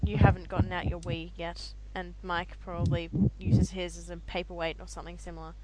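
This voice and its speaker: A woman chatting as a podcast co-host in a relaxed group call. She talks easily, giggles often, and lets her sentences fade off softly at their ends. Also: on the low side, fairly quick, crowd noise, poor audio. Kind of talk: casual podcast chat over a call.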